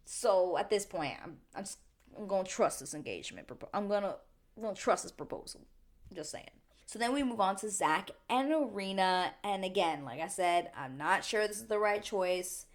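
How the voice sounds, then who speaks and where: A young woman hosting a casual reality TV recap, chatty and animated, full of "like" and quick asides. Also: mid-range voice. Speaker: recap show host.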